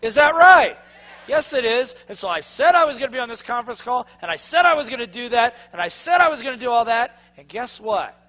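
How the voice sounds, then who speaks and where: A man with a very high, bright, forceful voice drives a motivational seminar. He speaks in punchy bursts and keeps pulling answers from the audience. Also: quick pace. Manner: energetic, punchy, constantly asks the audience to respond. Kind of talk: seminar talk to a live audience.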